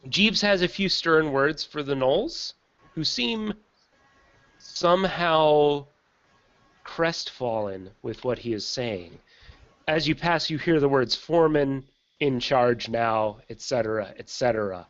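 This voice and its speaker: A man narrating a tabletop game as game master, in a relaxed, chatty way with frequent ums. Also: on the high side, slow pace, dry recording. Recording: slightly dull lo-fi recording.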